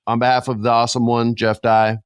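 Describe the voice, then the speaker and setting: A middle-aged man hosting a casual podcast, animated and jokey, often jumping his pitch for emphasis. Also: brisk, clear, resonant tone, no echo, studio quality. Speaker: podcast host.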